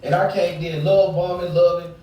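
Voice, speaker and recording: An angry man rants profanely in a heated, casual talk, preaching to his listeners about relationships. His high voice barely changes pitch and moves at a moderate pace, recorded off-mic from a distance in a very echoey room with the highs cut off and a faint hum behind him.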